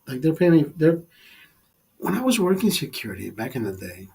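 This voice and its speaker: A man's voice: on the high side, big pitch swings, a little fast, gravelly, darkish tone, husky, poor audio. A middle-aged man telling stories in a casual vlog, rambling, repeating himself and swearing a lot. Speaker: vlogger. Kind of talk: casual storytelling while drinking.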